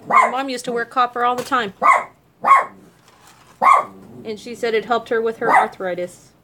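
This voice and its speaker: This woman's voice sits on the high side and runs fairly quick over a very noisy recording, with a dog barking nearby. She's making jewelry at home, chatting casually on a livestream, laughing readily, naming viewers and responding to what they ask.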